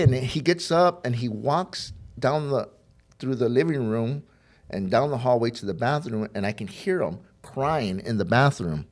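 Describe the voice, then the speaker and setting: A man shares a heartfelt personal account of his recovery as a podcast guest, candid and full of fillers and restarts, performing the dialogue as he narrates. He has a mid-range voice with lively intonation and a moderate pace.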